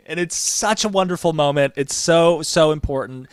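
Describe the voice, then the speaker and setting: A man's voice: moderate pace, smooth, dry recording. A man co-hosting a casual wrestling podcast, telling stories with building enthusiasm. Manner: enthusiastic storytelling, rises in pitch when excited. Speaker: podcast co-host.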